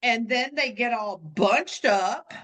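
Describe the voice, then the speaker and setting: A woman's voice: on the high side, slow, fairly bright tone. A woman co-hosting a podcast as a coach, talking bluntly and animatedly, laughing often. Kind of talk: casual podcast chat.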